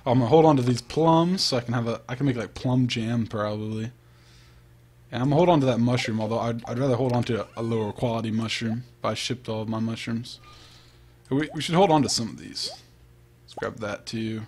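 A man's voice: medium pitch, brisk, darkish tone, slight background noise. Man thinking aloud over a game. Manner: chatty, thinks aloud, trails off mid-sentence. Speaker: let's play host. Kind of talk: casual gameplay commentary.

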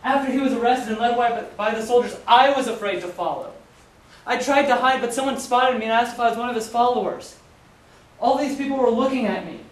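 Male actor as a remorseful apostle, high voice, distant echoey school hall with hiss. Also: brisk. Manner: anguished, self-questioning. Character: remorseful male apostle, a friend who denied his master. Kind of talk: stage play monologue.

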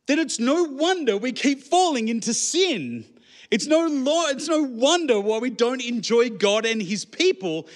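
A man's voice: high-pitched, a bit bright. A man preaching a sermon in church, conversational and full of rhetorical questions to the congregation. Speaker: pastor.

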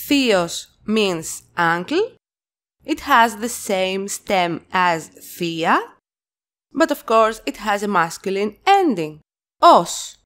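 A woman who speaks as her teaches vocabulary at a slow, unhurried pace. Her pitch rises and falls a lot as she repeats each phrase word by word. She then explains the grammar in clear English. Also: big pitch swings. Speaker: Greek language teacher. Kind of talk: slow, careful language lesson.

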